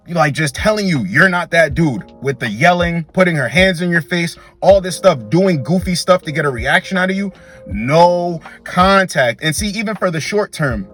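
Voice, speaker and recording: A man's voice: on the high side, fairly bright tone. A man giving dating advice in an emphatic, repetitive, slangy monologue.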